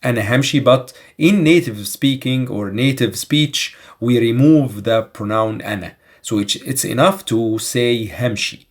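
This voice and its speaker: Guy teaching phrases from a movie, native egyptian arabic speaker, says each line slow and repeats it. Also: mid-range voice. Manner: slow careful repetition. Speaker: language teacher. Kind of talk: explaining film phrases.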